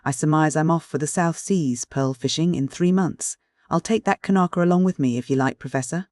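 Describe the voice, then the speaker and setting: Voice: medium pitch, fairly quick, darkish tone, no room sound, studio quality, close to an everyday voice. A narrator voicing a truculent, lean American sea captain who drawls slang with a placid swagger.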